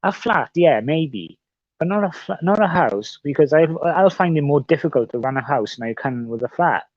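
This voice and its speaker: A man's voice: fairly high pitch, lively intonation, moderate pace, no echo. A man livestreaming in casual chat, rambling and swearing often as he repeats himself. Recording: dull, dry sound.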